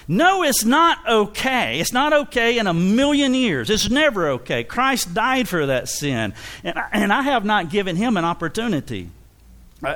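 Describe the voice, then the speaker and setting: A man preaching to a congregation, his voice sitting a little high and swooping up and down with animation. He acts out short exchanges between people and breaks into laughter now and then. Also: very animated, normal speed, fairly bright tone. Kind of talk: sermon.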